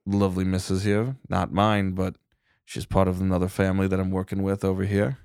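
A proud sailor speaks in a low, formal, carefully polite way, holding his temper in check, as a game master puts him on. The voice has a gravelly edge, and the sound is dry and close. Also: completely flat delivery, a little fast, a little mellow, no echo. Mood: stern. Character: proud, calm male sailor with a refined accent.

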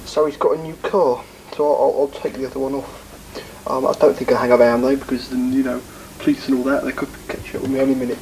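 A man's voice: mid-range voice, level tone, fast talker, few pauses, a little mellow, slight background noise, natural voice, poor audio. A man voicing a bumbling, apologetic male car thief who rambles and hesitates. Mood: sheepish.

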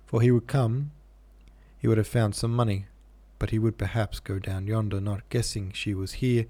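Low-voiced man reading a classic novel. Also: fairly even intonation, moderate pace, warm tone. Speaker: audiobook narrator. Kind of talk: classic novel read aloud.

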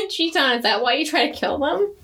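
A woman's voice: high voice, lively intonation, normal speed, fairly bright tone, a little hiss or hum. A young woman casually recapping a book on a podcast, chatty and sarcastic, laughing often. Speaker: podcast co-host.

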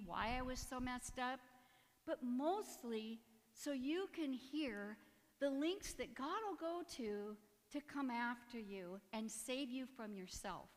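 A woman's voice: a little high, fairly bright tone, in a large hall. A woman giving a personal testimony in church, earnest and emotional, with nervous little laughs. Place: church sanctuary.

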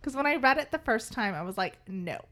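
Laughing, animated woman reading aloud. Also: high voice, fast. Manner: animated, laughs often, swears casually. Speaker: podcast co-host reading a book aloud. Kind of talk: casual book-club chat with dramatic reading.

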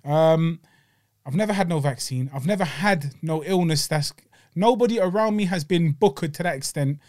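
A London man co-hosting a podcast, his voice sitting high. He talks in animated, slang-heavy bursts and leans hard on every point. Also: moderate pace. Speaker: podcast co-host. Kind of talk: casual chat.

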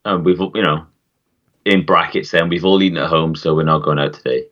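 A man's voice: very deep voice, steady tone, fairly quick, a bit bright, dull audio. A man co-hosting a podcast, chiming in with short dry quips. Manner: dry quips, chimes in briefly. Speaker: podcast co-host. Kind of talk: casual chat.

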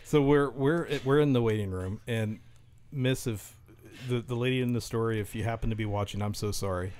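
A man telling a story in casual podcast chat, animated and laughing as he goes. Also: mid-range voice, fairly quick.

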